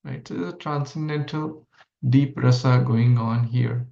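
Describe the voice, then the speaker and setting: A man leading a scripture class, explaining a verse slowly and asking listeners questions. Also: mid-range voice, steady tone, creaky, mellow. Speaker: Bhagavatam class speaker. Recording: echoey room, dull lo-fi sound.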